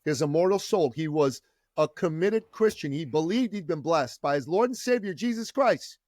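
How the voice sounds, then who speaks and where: A man's voice: a little high, expressive, moderate pace, a little mellow, no room sound, studio quality. A man from Iran, a guest on a podcast, telling his story with a fervent, preacher-like delivery. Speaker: entrepreneur guest.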